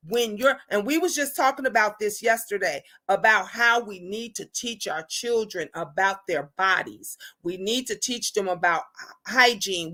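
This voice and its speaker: With a high, bright and forceful voice, a middle-aged livestream host chats casually with her viewers. She talks bluntly and with energy, often ending her points with "okay?"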